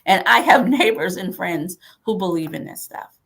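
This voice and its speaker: A woman's voice: lowish voice, big pitch swings, normal speed, creaky, fairly bright tone. A woman who chairs a party, hosting a livestream and rallying supporters with emphatic, repeated calls to action over a video call. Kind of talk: rallying political talk.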